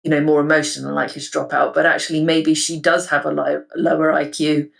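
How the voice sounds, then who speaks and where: Low-voiced enthusiastic woman podcaster. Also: level tone, quick pace, gravelly. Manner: chatty and enthusiastic, with filler words and laughs. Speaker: podcast co-host. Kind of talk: casual podcast discussion.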